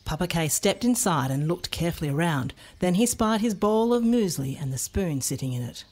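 Woman, storybook narration, husky, slightly low, expressive. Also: normal speed. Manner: expressive, playful.

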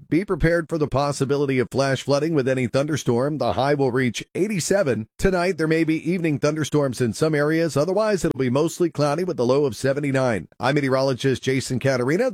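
Male weather forecaster, slightly high voice, dry booth sound, upbeat scripted read. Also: a little mellow, no echo. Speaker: meteorologist.

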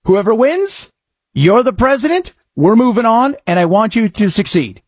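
A middle-aged man hosting a talk show, speaking sarcastically and breaking into mock shouts. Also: sits high, sing-song, moderate pace, husky, no room sound, clean studio sound. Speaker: radio talk show host. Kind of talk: sarcastic political talk commentary.

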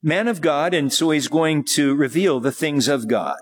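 A man's voice: a little high, animated, normal speed, slightly rough. A man teaching verse by verse from the Bible, reading passages and then explaining them in a conversational way. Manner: conversational, with fillers and small laughs. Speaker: pastor.

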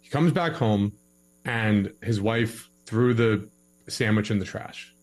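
A man giving relationship advice in a casual podcast conversation, animated and acting out both sides of an argument. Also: on the low side, slow.

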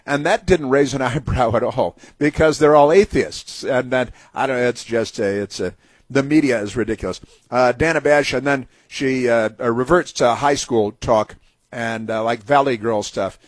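A man hosting a talk show delivers a sarcastic, indignant monologue. His voice is husky and the sound is dry and close. He stops and restarts often, with many fillers. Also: medium pitch, moderate pace, dry recording. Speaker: radio talk host. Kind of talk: opinionated talk radio monologue.

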